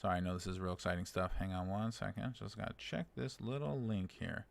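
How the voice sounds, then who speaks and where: Low-voiced sarcastic American livestream host. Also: male voice, steady tone, fairly quick, vocal fry. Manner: dry, sarcastic humor with chuckles. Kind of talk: casual livestream chat reading viewer comments. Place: living in China.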